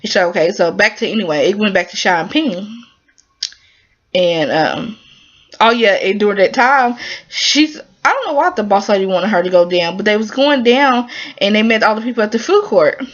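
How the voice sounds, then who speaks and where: Speaking at normal speed with a medium-pitched voice, a woman gives an informal rundown of a TV drama episode. Her delivery is animated and emotional, chatty, with plenty of fillers, and the audio sounds muffled and lo-fi.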